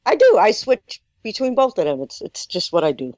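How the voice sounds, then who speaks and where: A guest with a non-native English accent chats casually about drumming, rambling and using lots of fillers. His voice is high-pitched, sing-song and brisk with a darkish tone. The sound is dull and muffled, recorded dry in a dry room.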